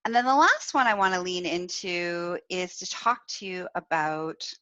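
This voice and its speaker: A woman's voice: fairly low pitch, moderate pace, sharp tone, no room sound, highs cut off. A woman hosting a podcast as a sexual wellness coach, talking frankly and directly in a casual teaching style and laughing between points. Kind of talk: casual spoken teaching, live.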